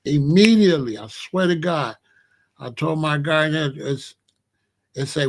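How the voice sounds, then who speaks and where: Animated man telling a comic story. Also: on the high side, a little slow. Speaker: show host.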